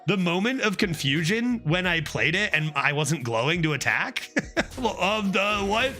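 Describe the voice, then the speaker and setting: A man's voice: high voice, unhurried, soft background music. A man streaming a card game, commenting casually, often mocking himself and pleading with the game. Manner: animated, self-mocking, exclaims and pleads at the game.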